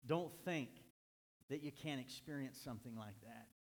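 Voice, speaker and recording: A middle-aged man preaching a sermon as pastor, earnest, slowing down and lifting his voice to stress points. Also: medium pitch, creaky, big-room sound. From United States.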